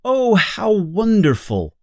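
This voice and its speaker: A man's voice: fairly high pitch, wildly swooping pitch, a little slow, a little mellow, dry recording, clean studio sound, pitched above the performer's own voice. A man voicing a group of young lost boys in a storybook reading, eager and pleading. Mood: delighted.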